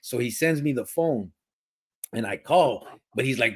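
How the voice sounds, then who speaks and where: A man's voice: medium pitch, animated, normal speed, breathy edge. A man hosting a podcast, telling a story in slangy casual chat and laughing as he goes. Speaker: podcast host.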